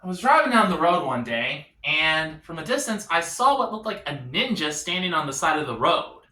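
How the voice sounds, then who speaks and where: A man doing a self-deprecating stand-up set, with a bright tone and a lively, swooping delivery. He drops to quiet punchlines. The set is recorded in an echoey room. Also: on the high side, moderate pace. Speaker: stand-up comedian.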